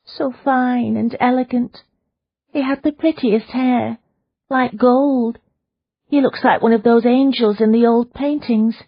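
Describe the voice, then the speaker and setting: A woman voicing a shrill, frantic, half-mad prisoner. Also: measured pace, highs cut off. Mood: despairing. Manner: shrill, wailing, clings to her fixed idea. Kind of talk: audiobook character voice.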